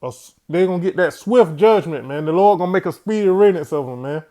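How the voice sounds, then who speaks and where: A man's voice: high-pitched, lively intonation, fast, warm tone. A man hosting a religious commentary show, speaking in a preachy way and ending his phrases with "man". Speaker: host.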